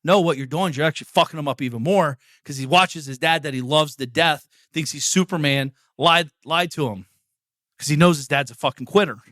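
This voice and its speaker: A man's voice: fairly high pitch, brisk, fairly bright tone, no echo, studio quality. A man in his forties hosting a podcast, giving a blunt, profane motivational monologue. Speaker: podcast host.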